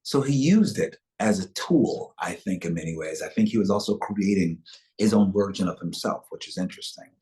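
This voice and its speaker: A man's voice: lowish voice, lively intonation, normal speed, warm tone. A man speaking as an actor guest in a webchat interview over a video call, reflective and expansive in the way he tells things.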